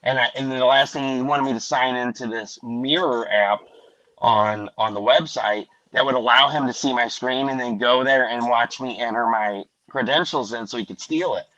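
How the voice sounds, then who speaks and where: A man's voice: mid-range voice, moderate pace, a bit bright, no room sound, lo-fi sound. An American man on a panel show, telling a crude story casually and putting on voices for the people he quotes. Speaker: podcast panelist.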